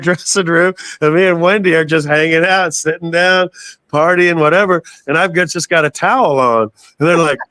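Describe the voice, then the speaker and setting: An older man telling a story as an interview guest, animated, swearing freely and laughing as he goes. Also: fairly high pitch, smooth, no room sound. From southern United States. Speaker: guest musician.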